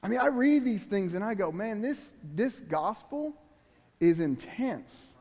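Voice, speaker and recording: A high-pitched male guest speaker preaches with emphasis and a conversational ease, repeatedly addressing the congregation directly. He is very animated, keeps a measured pace, and has a somewhat dark tone, with his words echoing at length through a church hall.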